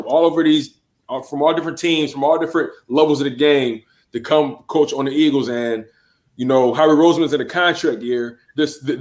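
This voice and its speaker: A man co-hosting a sports call-in show who talks emphatically and repeats himself to make his point. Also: fairly high pitch. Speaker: co-host. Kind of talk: casual sports chat.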